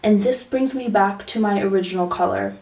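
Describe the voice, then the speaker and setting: A woman's voice: mid-range voice, wildly swooping pitch, brisk, darkish tone, recorded from a distance. Woman in her thirties, chatty tutorial vlogger, mic set back in an echoey room. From Toronto, Canada. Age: 30s. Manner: chatty, direct, instructive. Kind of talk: casual makeup tutorial.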